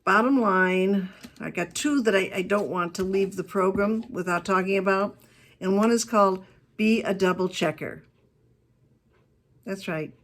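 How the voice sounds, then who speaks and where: A woman speaker, mid-range in pitch, delivers a lively keynote to a business audience. She talks in a chatty, emphatic way, telling stories with quick asides. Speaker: keynote speaker on customer service.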